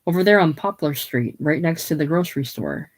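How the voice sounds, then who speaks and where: In a natural, mid-range voice that is animated and brisk, a reader voices Gus, an earnest Austrian mechanic with a slight German accent. Gus is apologetic, polite, self-effacing, and eager to be welcomed.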